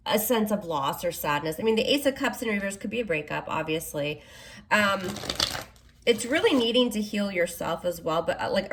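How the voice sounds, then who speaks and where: A woman giving a chatty, reassuring tarot reading, often checking in with the listener with "okay?" and "you know". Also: mid-range voice. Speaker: tarot reader. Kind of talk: casual spoken tarot reading. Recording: faint background noise.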